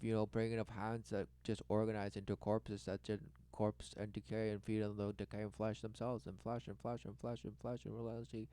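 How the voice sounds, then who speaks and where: A man giving rambling commentary on a video, swinging from loud exclamations to low muttering and repeating words over and over. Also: dry recording. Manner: repetitive, breathless wordplay. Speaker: commentator reacting to a documentary.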